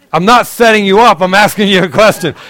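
With a high-pitched, fairly bright voice, a male pastor preaches in a relaxed storytelling style. He clears his throat often and laughs along with his congregation.

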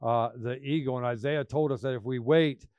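A man preaching a sermon, emphatic, swinging between loud bursts and quiet asides. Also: mid-range voice, steady tone, moderate pace, clean tone, dry recording.

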